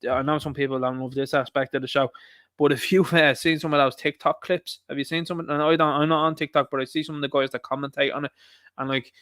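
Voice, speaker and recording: A man's voice: fairly high pitch, steady tone, fast, a bit bright, no room sound. An Irish man hosting an online commentary show, rambling and opinionated as he reacts to posts and talks straight to his viewers.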